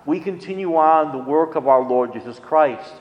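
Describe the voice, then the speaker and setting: A man's voice: on the high side, moderate pace, reverberant, in a large hall, lo-fi sound. A man giving a sermon as a priest, in a conversational way with folksy asides. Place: church.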